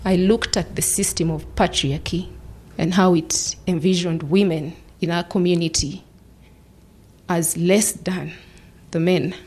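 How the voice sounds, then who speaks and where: A woman in her thirties, a lawyer, telling a personal story in a measured way and dropping often into hushed whispers. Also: lowish voice, fairly even intonation, husky. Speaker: human rights lawyer.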